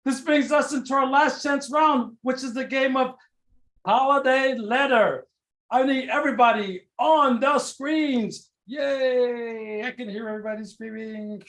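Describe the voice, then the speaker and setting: A man's voice: very high-pitched, measured pace, fairly bright tone. A man hosting an online improv comedy game over a video call, laughing often at the players' jokes. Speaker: improv show referee host.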